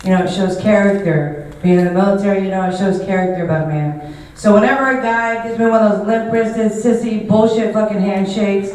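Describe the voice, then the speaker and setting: A woman's voice: medium pitch, a little fast, darkish tone. A woman emcees a live comedy show, blunt and casual with a mid-range voice. The audio is distant and heavily echoey. She talks loosely between acts. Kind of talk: emcee introducing comics. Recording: very echoey venue audio picked up from afar.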